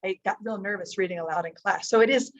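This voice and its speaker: A woman's voice: medium pitch, quick pace, muffled recording. A woman guest from a library, chatting casually and expressively and calling herself theatrical. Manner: expressive, self-described theatrical. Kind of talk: casual interview chat.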